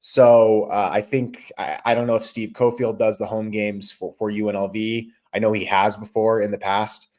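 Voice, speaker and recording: A man's voice: lowish voice, flat delivery, moderate pace, few pauses, darkish tone. A man hosting a live sports podcast, talking casually and rambling, with lots of ums and restarts, and stopping to answer the chat. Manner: answers viewer chat mid-thought. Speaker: podcast host.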